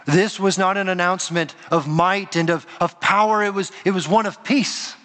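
A man preaching a sermon as pastor, earnest, with dramatic pauses and quoted voices. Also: sits high, steady tone, a bit bright. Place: church sanctuary. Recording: long reverb of a large hall.

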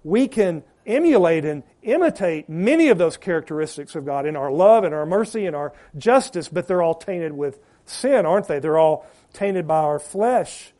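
A man's voice: a little high, animated, normal speed, hardly any pauses, mellow. A man preaching a sermon to his congregation, building emphasis on repeated words and letting phrase ends drop away. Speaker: pastor.

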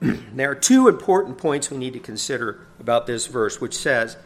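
A pastor delivering a sermon in a conversational teaching manner. He often asks "right?", rises loud for emphasis and then drops soft. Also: mid-range voice, expressive, moderate pace, vocal fry.

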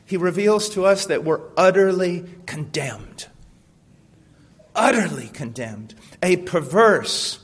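A man preaching a sermon with passion, asking rhetorical questions and swinging from hushed tones to loud ones. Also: high voice, expressive, takes it slowly, husky. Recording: long hall reverb.

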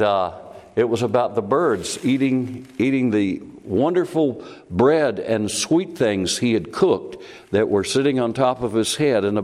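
A man preaching a sermon, retelling scripture with lively swings in pitch and volume and many rhetorical questions. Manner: animated, rhetorical questions, shifting loudness. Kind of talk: expository sermon. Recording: long hall reverb.

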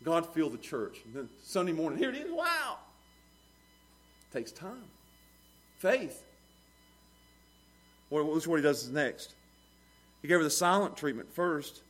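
A middle-aged male pastor preaching a sermon in an animated way, acting out pleading voices as he tells the story. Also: on the high side, a little slow, long pauses, breathy edge.

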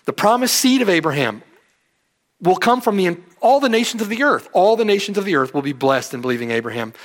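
Emphatic preacher with a lively voice. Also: male voice, high voice, a little fast. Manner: emphatic, rising and falling sharply for stress. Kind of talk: sermon.

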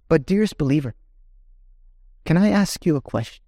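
A man's voice: on the high side, lively intonation, moderate pace, long pauses, mellow, no echo, clean studio sound. A man preaching a sermon as pastor, reading scripture and rising to emphatic questions.

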